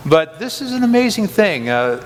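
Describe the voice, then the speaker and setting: A man's voice: high-pitched, sing-song, moderate pace, long reverb tail, a little hiss or hum. A man interviewing a chapel guest, talking in a rambling way with many restarts and chuckles. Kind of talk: casual interview chat.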